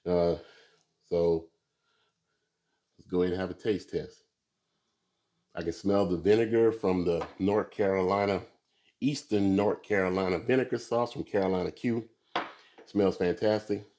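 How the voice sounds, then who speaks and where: A man's voice: deep voice, measured pace, long pauses, slight background noise. A man hosting a casual barbecue video, talking viewers through shredding and tasting pork with an easygoing, filler-filled delivery. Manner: relaxed, talks to viewers with many fillers. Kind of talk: casual cooking demonstration.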